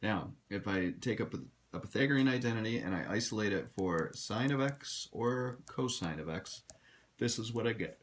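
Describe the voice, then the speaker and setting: This recorded math lesson features a man whose lowish voice has lively intonation and a moderate pace. Direct and instructive, he talks to his students, addressing them as "you guys."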